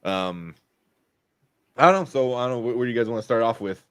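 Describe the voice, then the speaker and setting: A man's voice: mid-range voice, animated, fairly quick, clean tone, dry recording. A man hosting a casual film podcast, rambling with many fillers and frequent laughs. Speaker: podcast host. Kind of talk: casual chat.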